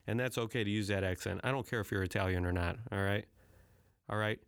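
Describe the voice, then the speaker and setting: Profane, rambling man, low voice. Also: fast, smooth, dry recording, studio quality. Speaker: vlogger. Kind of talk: casual chat.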